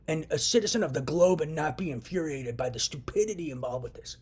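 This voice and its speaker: Young man, husky, slightly high voice, furious profane vlog rant. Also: animated, fast talker, hardly any pauses, darkish tone. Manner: heated, profane ranting with repetitions. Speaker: vlogger. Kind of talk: angry monologue to camera.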